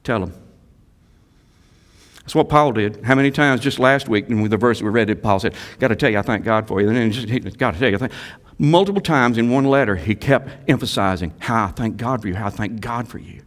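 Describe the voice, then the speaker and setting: A male pastor preaching a sermon, swinging from quiet asides to loud exhortations and repeating key phrases for emphasis. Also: mid-range voice, a little fast.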